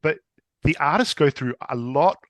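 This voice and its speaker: A man's voice: fairly high pitch, normal speed, a bit bright, no room sound. A man interviewing a guest in a friendly, chatty way, with hesitant fillers. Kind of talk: casual interview chat.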